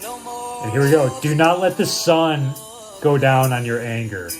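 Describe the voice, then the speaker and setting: Priest guy chatting on a podcast, teasing, jokey, mid pitch, soft music in the background. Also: expressive. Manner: joking, teasing, interrupts with quick asides. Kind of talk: casual chat. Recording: faint music playing behind.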